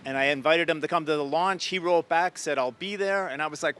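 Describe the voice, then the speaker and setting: A man's voice: on the high side, a little fast, a bit bright, smooth. Older man telling an eager anecdote. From Ohio. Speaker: guest astronaut. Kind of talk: interview storytelling.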